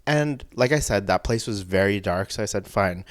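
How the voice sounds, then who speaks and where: A man telling a personal story in casual chat, animated and breaking into laughs. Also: on the low side, normal speed. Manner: animated, laughs between lines, rising into excited outbursts. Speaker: podcast guest telling a story.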